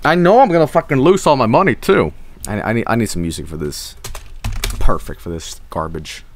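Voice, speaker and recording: A man streaming a video game, rambling and swearing in animated, casual commentary. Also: mid-range voice, brisk. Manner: rambling, profane, animated, jumps to silly voices.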